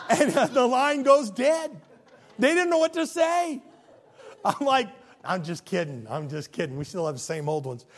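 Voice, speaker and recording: A middle-aged man, a pastor from Illinois, preaching a folksy sermon in church, joking and then pressing the congregation with questions. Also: extremely high pitch. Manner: folksy, joking preacher swinging between hushed asides and loud exhortation.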